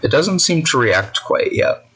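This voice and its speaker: A man narrating a tabletop game as game master, building an eerie scene slowly and deliberately. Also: on the high side, very animated, fairly bright tone, breathy edge, faint music behind, rough recording. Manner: slow, deliberate, atmospheric narration.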